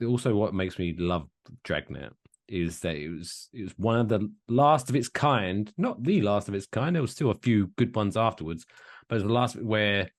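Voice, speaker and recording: Rambling young man, low voice. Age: young adult. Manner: rambling, restarts often, drops to quiet asides. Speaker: podcast co-host. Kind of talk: casual chat.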